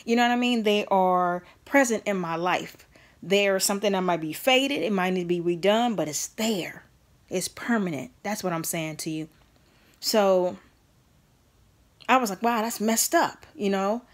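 A woman's voice: mid-range voice, unhurried. A woman speaks to her viewers in a mid-range voice, open and earnest. She tells a personal story with emphasis, addressing the audience directly. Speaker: vlogger. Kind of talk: candid personal storytelling to camera.

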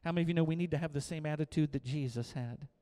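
A middle-aged male pastor preaching a sermon, swinging from quiet asides to loud, emphatic repetition. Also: a little high, racing, smooth.

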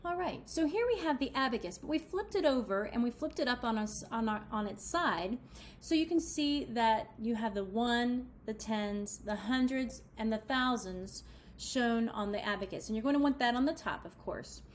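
Middle-aged woman, slightly high voice, clear encouraging instructor for a parent math walkthrough. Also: expressive, normal speed, slight background noise. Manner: clear, encouraging, explains step by step while handling an abacus.

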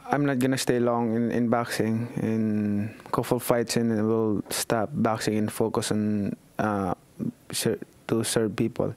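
A man from the Philippines, answering interview questions hesitantly with many pauses. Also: lowish voice, little pitch movement, a little mellow. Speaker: boxer and politician.

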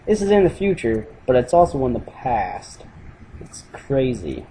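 A man's voice: mid-range voice, very animated, unhurried, dark tone, slight background noise, rough recording. A young man giving casual, joking let's-play commentary, rambling and sarcastic. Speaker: gamer commentating a playthrough.

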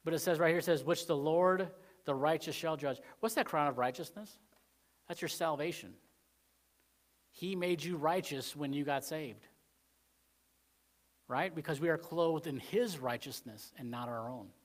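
A man preaching a Wednesday sermon in church in a rambling, conversational way, full of "you know" fillers, swinging between emphatic points and quiet asides. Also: on the high side, normal speed, long pauses. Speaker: pastor.

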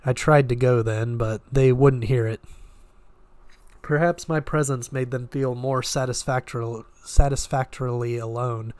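A man reads a classic novel aloud in a steady, mid-pitched voice, now and then tripping on a word and starting it over. The recording is dry and close, with no room sound. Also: unhurried, dry recording. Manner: steady, with occasional slips and restarts. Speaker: reader.

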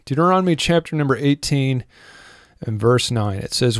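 A man teaching from the Bible in an earnest way, reading scripture aloud with pauses and fillers. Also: medium pitch, animated, no room sound, clean studio sound.

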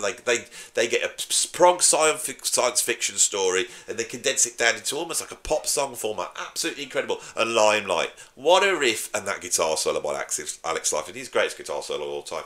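Drummer guy ranting about records, bright forceful voice, chatty and cheeky. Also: medium pitch, big pitch swings, brisk. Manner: chatty, opinionated, jokey. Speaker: YouTube host and drummer. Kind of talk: casual talk to camera.

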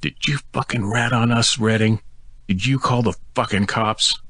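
A man voicing a rough, foul-mouthed young male ex-con who snarls accusations in an audiobook. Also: medium pitch, steady tone, normal speed, bright, forceful tone, no room sound, studio quality, pitched above the performer's own voice. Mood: furious.

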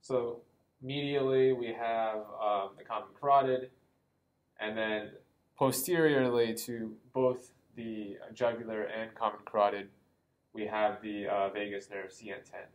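A man's voice: lowish voice, fairly even intonation, unhurried, low-quality recording. A man giving an anatomy lesson, explaining as he draws, with frequent ums and small self-corrections. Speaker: anatomy lecturer. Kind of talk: drawing-board anatomy lesson.

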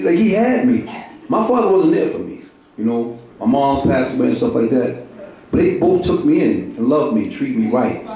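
A man's voice: medium pitch, dark tone. A middle-aged man, giving an emotional church testimony full of repetition and street slang. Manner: repetitive, heartfelt, street slang, laughing through it. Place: large echoey church hall. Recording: echoey hall from far off.

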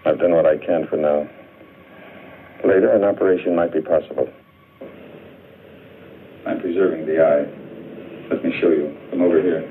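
A cold, arrogant scientist with a very deep voice, lecturing coolly. The sound is a tinny, narrow old film soundtrack with faint hiss behind it. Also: male voice, fairly even intonation, normal speed, long pauses.

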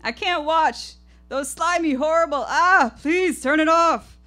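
A woman voicing an excitable 86-year-old grandmother with a Boston accent, shrill and childlike. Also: a little fast, faint music behind, close to an everyday voice. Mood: panicked. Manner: shrill, panicky, childlike giggling.

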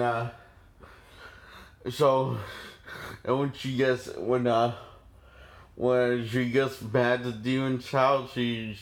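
A man casually reviewing a horror film, rambling with many restarts and frequent laughs. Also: mid-range voice.

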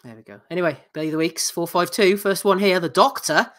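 A man's voice: sits high, fast, fairly bright tone. A man hosting a casual boxing podcast, reading listener messages aloud and laughing. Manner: jokey, laughs while reading. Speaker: podcast host.

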